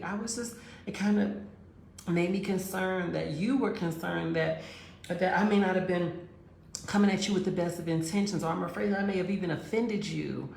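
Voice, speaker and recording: A woman with a low, gravelly voice tells a story in a casual, direct way, calling her listeners girls and honey. She acts out both sides of an argument as she goes. The room adds a noticeable echo. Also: moderate pace, a little mellow, slight background noise. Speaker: relationship advice speaker. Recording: roomy echo.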